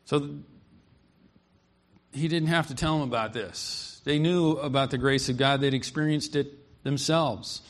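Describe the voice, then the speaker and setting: A man's voice: medium pitch, a little slow. A man preaching an expository sermon, earnest and emphatic, reading scripture aloud and explaining it.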